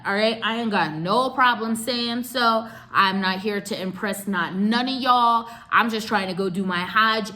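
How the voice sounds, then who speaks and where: A young woman recounts a trip in a loose, chatty vlog, throwing in slang and asides to her viewers. Her voice is bright and forward, with an everyday pitch. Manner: chatty, animated, slangy, addresses viewers as y'all. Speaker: travel vlogger. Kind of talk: casual storytelling vlog.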